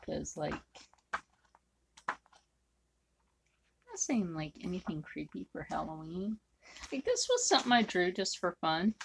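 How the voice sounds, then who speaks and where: A woman's voice: fairly low pitch, sing-song, unhurried, creaky, long pauses, slight background noise. A woman artist chatting bluntly and rambling with many fillers while she draws. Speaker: artist drawing on camera. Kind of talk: casual chat while drawing.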